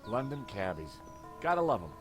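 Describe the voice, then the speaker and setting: A man's voice: lowish voice, big pitch swings, normal speed, over music. An actor voicing a confident, wry adult male investigator in a video game.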